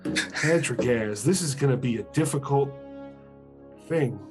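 A man's voice: mid-range voice, measured pace, music in the background. A man in a casual tabletop-game podcast, talking in a rambling, hesitant way with frequent laughs.

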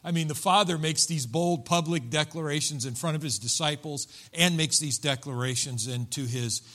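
A man's voice: a little high, normal speed, bright, forceful tone. A man preaching a sermon, retelling a story and acting out the quoted voices with animation. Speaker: pastor.

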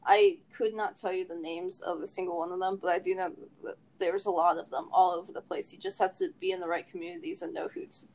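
A woman's voice: fairly low pitch, flat delivery, quick pace, a little mellow, slight background noise. A young woman in casual chat, dry and a little teasing in her reactions. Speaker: conversation partner.

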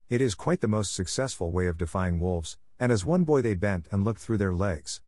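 Low-voiced man reading a storybook. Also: expressive, moderate pace, few pauses, dark tone, no echo, clean studio sound. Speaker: narrator. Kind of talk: storybook audiobook narration.

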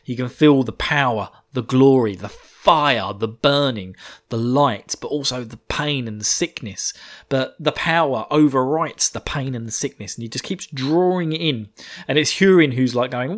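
A man's voice: mid-range voice, normal speed. A man recapping a fantasy novel chapter in a rambling, casual way, often laughing and swearing. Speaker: book reviewer.

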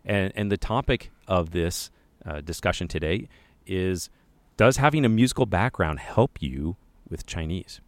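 Man, very low voice, podcast co-host, enthusiastic, dry sound. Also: expressive, a little slow, no echo. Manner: enthusiastic, effusive. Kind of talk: casual podcast chat.

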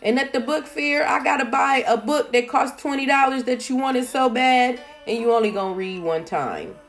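A woman's voice: sits high, expressive, moderate pace, faint music behind. A woman who is a single mother, talking in a casual, conversational way about raising her kids, with plenty of "you know" and "like" asides. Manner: conversational, with many fillers and asides. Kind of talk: casual advice monologue.

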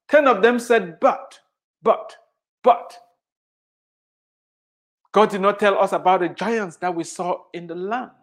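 A preacher delivering a sermon emphatically, repeating phrases for weight and putting rhetorical questions to the listeners. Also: mid-range voice.

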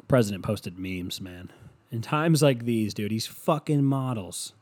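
A man's voice: lowish voice, animated, takes it slowly, darkish tone, slightly rough. A young man hosting a solo comedy podcast, rambling crudely and self-deprecatingly while acting out other people's voices. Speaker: podcast host.

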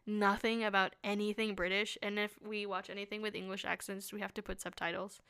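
Bright, smooth-voiced woman podcaster. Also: medium pitch, little pitch movement. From United States. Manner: quick, joking, trails off into asides. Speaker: podcast co-host. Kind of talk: casual chat.

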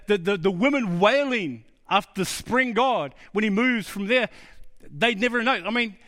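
A male preacher delivers a sermon with a high-pitched voice. He drives his points home by repeating words emphatically. The sound carries the long reverb of a large hall. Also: a bit bright. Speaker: pastor.

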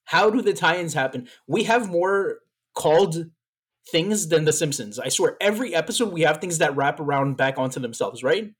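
A man's voice: a little high, expressive, moderate pace, slightly rough. Playful man co-hosting a casual podcast. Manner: playful storyteller, teasing, trips over fillers. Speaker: podcast co-host. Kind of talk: casual chat.

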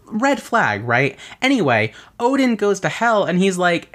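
Podcast host, swooping animated pitch, mid-range voice, exasperated asides, casual swearing, tabletop build talk. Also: a little slow. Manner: casual swearing and filler words. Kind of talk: casual podcast explanation of a game character build.

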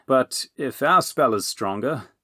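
A man voicing a brisk, resourceful male wizard who gives urgent commands. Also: mid-range voice, lively intonation, pushed and bright, no room sound, studio quality, pitched above the performer's own voice, exaggerated voice.

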